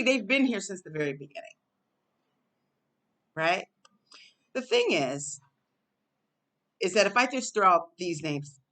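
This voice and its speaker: A woman vlogger from the United States talks to camera in a loose, musing way, with fillers and the odd laugh. Her voice sits a little low and she takes her time. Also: fairly bright tone. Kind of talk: casual commentary to camera.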